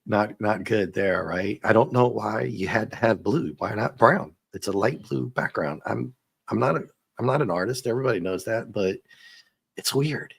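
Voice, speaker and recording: A man with a fairly low voice talks comics in a loose, chatty way, laughing as he goes and tripping over restarts. The sound is close and dry, with no room around it. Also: animated, normal speed, creaky, slightly rough, dry recording. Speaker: comics review host. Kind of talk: casual comic review chat.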